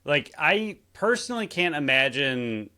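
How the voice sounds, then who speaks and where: A man's voice: a little high, big pitch swings, a little slow, sharp tone. A young man co-hosting a casual sports podcast, agreeing readily and riffing with incredulous asides. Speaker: podcast co-host.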